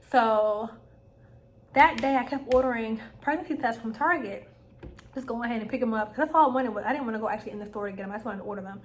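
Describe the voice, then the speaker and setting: A young woman vlogger, telling a personal story to camera in a casual, animated way and acting out her own quoted lines. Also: mid-range voice, slight background noise.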